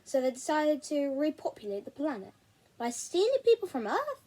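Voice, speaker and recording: A woman's voice: sits high, big pitch swings, moderate pace, dark tone. A woman reading aloud, voicing an easygoing adult man who chats casually. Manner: casual, chatty.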